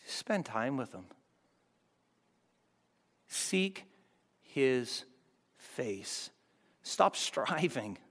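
Fervent high-voiced preacher in reverberant hall. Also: male voice, smooth. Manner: swings from loud fervent peaks to hushed soft passages. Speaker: pastor. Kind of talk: sermon.

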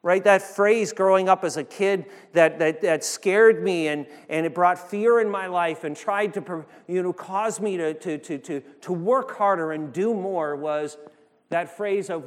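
A man delivers a sermon from the pulpit in a fairly high voice, and his words trail off into the long reverb of a church hall. He climbs to loud, emphatic peaks, then drops to hushed, low passages, restarting phrases as he goes. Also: measured pace. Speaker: pastor.

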